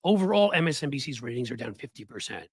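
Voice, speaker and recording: A man hosting his own show, ranting about cable news hosts in sarcastic, heated political commentary with a husky voice. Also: sing-song, fast talker, no echo. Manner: sarcastic, heated, swinging pitch.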